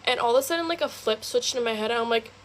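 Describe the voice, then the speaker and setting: A woman's voice: a little high, racing, fairly bright tone, slight background noise. A young woman in her student years telling a personal storytime, rambling with lots of fillers. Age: young adult. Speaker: TikTok storyteller. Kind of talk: casual storytime confession.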